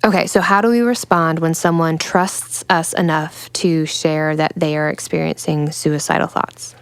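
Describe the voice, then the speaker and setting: A woman's voice: low-pitched, steady tone, normal speed, clean tone, no room sound. A woman co-hosting a podcast who affirms the others and asks the next question. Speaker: podcast co-host. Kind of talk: casual faith-based discussion.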